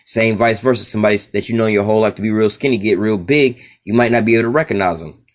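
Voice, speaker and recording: A man's voice: fairly low pitch, fast. A man teaching from the Bible in a loose, casual way, often saying "you know" and "all right".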